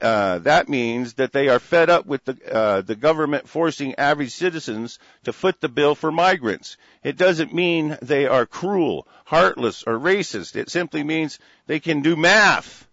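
A man's voice: fairly high pitch, fairly bright tone, no echo. Brief: man mid-rant, heated and profane, dry dull lo-fi sound. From United States. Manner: heated, profane, repetitive restarts. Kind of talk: angry ranting monologue.

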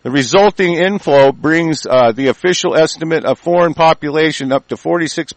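A man's voice: fairly high pitch, normal speed, creaky, hardly any pauses, dry recording, low-quality recording. Profane, ranting man, dry sound. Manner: profane, rambling, emphatic. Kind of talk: angry political rant.

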